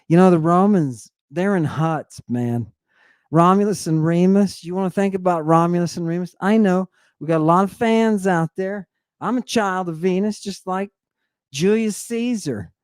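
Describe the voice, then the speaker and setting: A man giving an excitable, irreverent lecture as a guest scholar, teasing his audience and calling out to the crew. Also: fairly high pitch, no echo, studio quality. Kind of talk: animated lecture on ancient texts.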